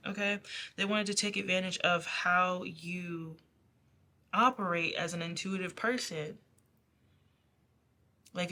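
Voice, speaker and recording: Bright, chatty woman tarot reader. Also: on the low side, slight background noise. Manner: chatty, rambling, laughs often, many fillers. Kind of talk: casual pick-a-card reading.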